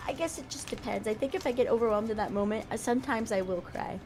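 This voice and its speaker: A woman's voice: fairly high pitch, quick pace, darkish tone, a little hiss or hum. A woman guest streamer in casual chat, agreeable and playful, acting out silly lines.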